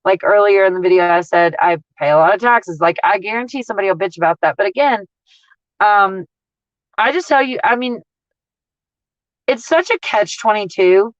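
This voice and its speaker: A woman, ranting in a casual livestream as a couponing vlogger, blunt, profane and animated as she tells stories. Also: medium pitch, normal speed, dry recording, highs cut off.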